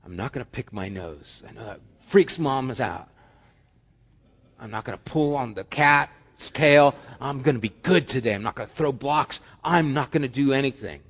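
A man's voice: animated, moderate pace. A man voicing an earnest, anxious little boy who promises to behave. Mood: fretful. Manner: low, hushed, fretful.

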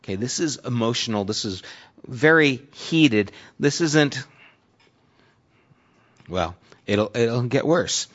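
Male pastor, middle-pitched voice, conversational sermon delivery with dramatic scripture reading, dull lo-fi recording. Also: lively intonation, takes it slowly, long pauses, a bit bright.

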